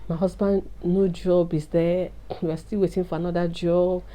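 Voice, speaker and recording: A woman's voice: on the low side, little pitch movement, moderate pace, mellow. A woman, telling an emotional personal testimony and confiding in her viewers. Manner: earnest, confiding, addresses viewers as guys. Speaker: vlogger sharing a testimony.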